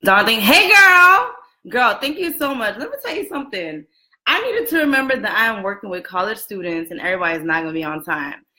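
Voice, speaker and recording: Bright, lively young woman hosting a live chat. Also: mid-range voice, brisk. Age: 20s. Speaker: livestream host. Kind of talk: casual live video chat. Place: room at home with a roommate next door. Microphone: camera and phone set up for a live stream.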